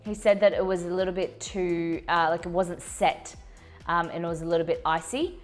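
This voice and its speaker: A woman's voice: on the low side, normal speed. A woman hosting a casual live cooking stream, reading out viewer messages in a chatty, rambling way and laughing at her own slips. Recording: faint music in background.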